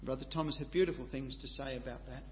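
A man preaching a sermon with passion, moving between quiet reflection and loud, emphatic declarations. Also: medium pitch, fairly even intonation, fast. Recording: lo-fi recording in a reverberant hall, faint hum.

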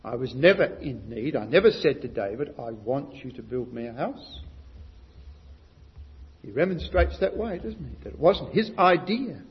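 A man preaching a sermon, building to loud emphatic stresses and asking his listeners questions. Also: mid-range voice, expressive, moderate pace. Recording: muffled recording with long hall reverb.

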